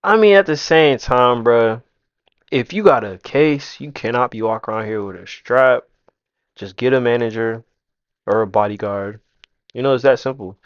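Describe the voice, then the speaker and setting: A man's voice: medium pitch, moderate pace, clean tone, dry recording, dull audio. A man reacting on a livestream, making laid-back, casual asides with some swearing.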